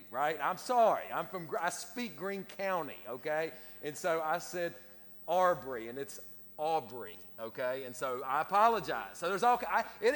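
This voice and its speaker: A man's voice: high-pitched, fairly bright tone. A middle-aged man, preaching a sermon with casual, self-deprecating asides to his congregation. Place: church sanctuary. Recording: long church reverb.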